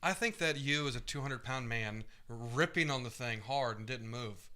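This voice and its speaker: A man co-hosting a fight watch stream, chatting loudly and swearing with a friend. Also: mid-range voice, normal speed. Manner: loud, animated, swearing, jumps topics. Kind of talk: casual banter between friends.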